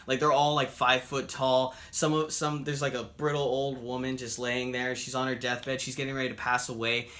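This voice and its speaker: A man's voice: medium pitch, flat delivery, brisk, hardly any pauses, fairly bright tone. A man reviewing a comic book in a chatty, upbeat way, acting out the characters' lines as he retells the story. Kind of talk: casual spoken review.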